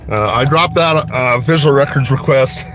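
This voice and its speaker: An upset man talking in a halting, agitated way with many restarts, livestreaming from his car while driving. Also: medium pitch, music in the background. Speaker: records requester livestreaming. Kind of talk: confrontational livestream.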